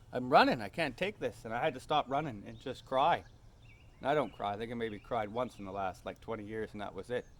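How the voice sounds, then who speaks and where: A man's voice: medium pitch, slight background noise. A man telling a personal story in an earnest, rambling way, full of fillers.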